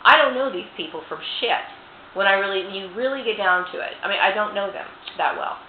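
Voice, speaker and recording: A woman's voice: medium pitch, fairly quick. A woman ranting indignantly to camera, swearing and repeating "you know" as she airs her grievances. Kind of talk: angry personal rant to camera. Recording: tinny phone-like sound, echoey room, faint hiss.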